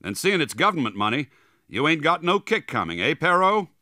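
A shrewd, hard-handed dog breaker, as a male storyteller puts him on, jovial and threatening at once in a lifted, louder voice that swings widely. His bright, forceful tone sits in a dry, close recording. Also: fairly high pitch, big pitch swings, brisk, no echo, voice pushed up. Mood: bargaining.

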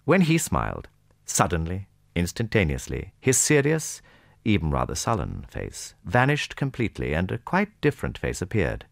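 A man's voice: low voice, creaky, no room sound, clean studio sound. A man narrating a classic novel who voices each character in turn. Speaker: audiobook narrator.

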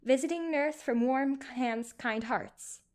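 A woman's voice: fairly high pitch, animated, moderate pace, fairly bright tone. A woman reading an earnest, nervous visiting nurse. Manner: trying to sound firm and professional. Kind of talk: storybook narration.

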